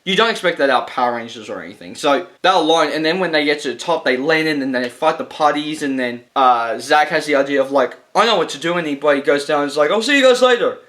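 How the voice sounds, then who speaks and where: A man's voice: fairly high pitch, fast, few pauses, fairly bright tone. A man casually ranking movie final battles, rambling enthusiastically with lots of fillers and restarts. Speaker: movie reviewer.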